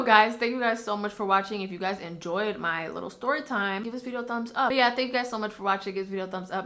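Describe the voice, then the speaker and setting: A young woman tells a personal story straight to camera in a relaxed vlog. Her voice is bright and pushes forward, at an ordinary middle pitch. She talks casually and candidly, with plenty of fillers and swearing. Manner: candid, chatty, swears freely, lots of fillers. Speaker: YouTuber.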